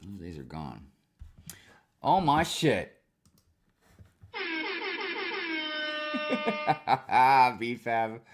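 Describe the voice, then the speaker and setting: A man ranting in a casual stream monologue, swearing a lot and telling work stories with animated, heated delivery. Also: on the low side, takes it slowly, pauses often, heavy background noise. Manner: profane, animated storytelling with frequent swearing and fillers.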